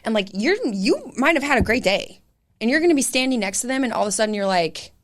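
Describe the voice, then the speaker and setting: A young adult woman, a fitness coach, telling animated stories in a casual podcast chat, full of "like" and "right?". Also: on the high side, quick pace. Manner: animated storytelling, lots of "like" and "right?".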